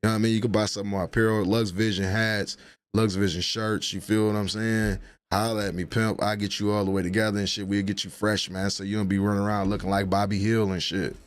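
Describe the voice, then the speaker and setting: Dude on a livestream roasting chat, low voice, aave, profane and laughing. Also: male voice, little pitch movement, quick pace, smooth. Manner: trash-talking, laughing, profane banter. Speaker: livestream host.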